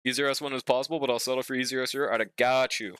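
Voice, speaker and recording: Smooth-voiced casual streamer guy. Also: mid-range voice, fairly even intonation, racing, a bit bright, dry recording. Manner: laid-back, slangy, swears, hums and scats while waiting. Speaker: streamer reading chat. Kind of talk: casual live-stream chat while playing.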